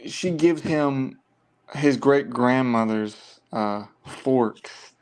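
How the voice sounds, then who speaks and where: A man chatting casually about a film, recounting favorite scenes in a relaxed, easygoing way. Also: mid-range voice, very slow, clean tone. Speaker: movie podcast co-host.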